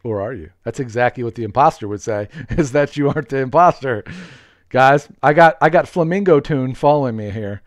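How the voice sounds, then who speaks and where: A man streaming a game live, chatting with viewers, greeting them by name, laughing often and getting excited. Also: mid-range voice, a little fast, no echo, studio quality. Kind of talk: live gameplay commentary with viewers.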